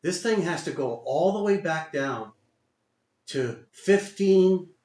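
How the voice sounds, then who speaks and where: A man's voice: on the high side, lively intonation, normal speed. A man giving live commentary on his own day trades, muttering, cursing and repeating himself in frustration. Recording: roomy echo.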